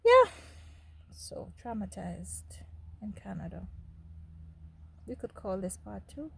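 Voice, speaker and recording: A woman's voice: medium pitch, big pitch swings, takes it slowly, gravelly, breathy edge. Jamaican woman telling her own story. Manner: candid, speaks directly to viewers, laughs between remarks. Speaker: host. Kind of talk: personal storytelling monologue.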